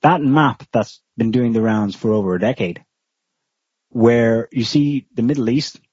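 Husky man giving rambling commentary. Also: mid-range voice, unhurried, a little mellow, no room sound. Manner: rambling, explanatory, with frequent restarts. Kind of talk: casual political commentary. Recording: dull lo-fi recording.

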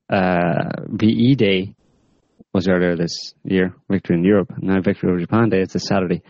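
A man with a very low voice hosts a current-affairs podcast with deadpan sarcasm. He rambles, padding his talk with ums and uhs. The recording is dry and somewhat muffled. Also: a little fast, no echo. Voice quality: rambling, deadpan with many fillers. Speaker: podcast host.

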